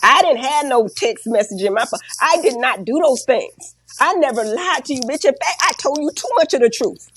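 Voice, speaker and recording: A woman's voice: high voice, lively intonation, moderate pace, breathy edge. A woman in her forties telling a story bluntly and animatedly in an interview, with slang and profanity, emotional and close to tears. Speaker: guest. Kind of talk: candid interview talk.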